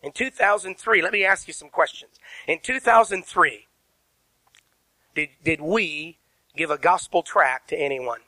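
Bright-voiced preaching pastor. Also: male voice, on the high side, unhurried, no room sound, rough recording. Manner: emphatic preaching with rhetorical questions, spells words out. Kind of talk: sermon. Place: church sanctuary.

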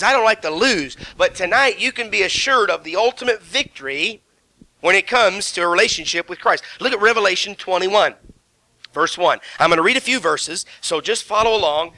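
A middle-aged man preaching a sermon, reading scripture slowly and emphatically between lively asides to the congregation. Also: high voice, no room sound.

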